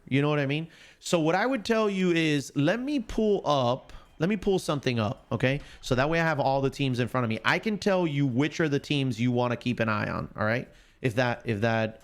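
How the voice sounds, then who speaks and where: A man hosting a casual live-stream sports show, chatting straight to his viewers and making confident, emphatic predictions. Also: a little high.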